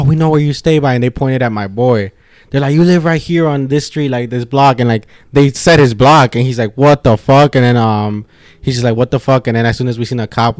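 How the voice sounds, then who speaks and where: A man's voice: medium pitch, dry recording. A man telling a story in loose, slangy talk, swearing freely. His voice sits in the middle range and sounds dry and close to the mic. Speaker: podcast co-host. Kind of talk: casual chat.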